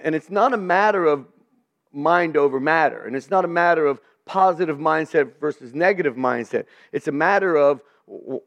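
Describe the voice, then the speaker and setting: An older man preaching a sermon to a room of listeners, earnest, often stammering and repeating words as he builds his points. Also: on the high side. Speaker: pastor. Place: church room with a live audience.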